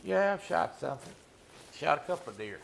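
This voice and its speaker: A man's voice: fairly high pitch, very animated, fairly quick, creaky, fairly bright tone, slight background noise. A man streaming a hunting game, chatting and teasing viewers in a laid-back way. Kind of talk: casual gameplay chat with viewers.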